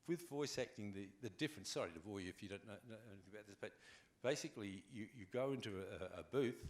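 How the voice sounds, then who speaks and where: Lively older Australian man, low voice. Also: fast talker. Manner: animated, wry, acts out anecdotes. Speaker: actor guest on a convention panel. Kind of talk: relaxed anecdotal storytelling.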